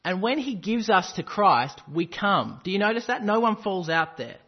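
A man's voice: sits high, sing-song, moderate pace, hardly any pauses, husky, lo-fi sound. A man preaching a sermon, quoting scripture and driving points home with emphatic repetition. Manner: emphatic, quotes scripture with rising intensity.

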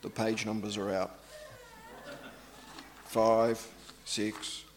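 A middle-aged man preaching a sermon in a relaxed, anecdotal way, poking fun at himself. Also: on the low side, drawn-out words, a little hiss or hum. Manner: conversational, anecdotal, self-deprecating.

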